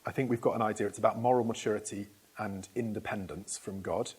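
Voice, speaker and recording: Husky-voiced man preaching a sermon. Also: on the low side, steady tone, fast, darkish tone. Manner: conversational, asks the congregation questions, restarts phrases. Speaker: pastor. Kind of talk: interactive sermon. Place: church hall.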